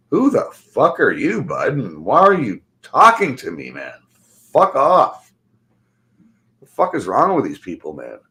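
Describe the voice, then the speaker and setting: A man's voice: mid-range voice, a bit bright. A middle-aged man, ranting bluntly and angrily. He swears constantly and ends his phrases with "man". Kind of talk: profane ranting monologue.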